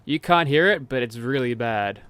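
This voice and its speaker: A man's voice: medium pitch, animated, normal speed, a bit bright, clean tone, no echo. A man streaming a game, giving casual commentary while he mutters, grumbles and swears.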